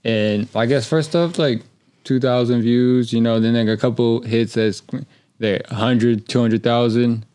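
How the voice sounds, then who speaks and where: A man's voice: mid-range voice, fairly even intonation, measured pace, mellow, smooth. A young man hosting a casual podcast, talking in a loose, slangy, rambling way with lots of restarts. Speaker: podcast host.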